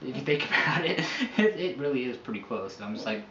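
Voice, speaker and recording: A man's voice: mid-range voice, lively intonation, brisk, bright, forceful tone, echoey room, highs cut off, a little hiss or hum. A man from New Mexico answering accent questions in crude, joking casual chat, swearing often. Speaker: vlogger's boyfriend. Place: home room.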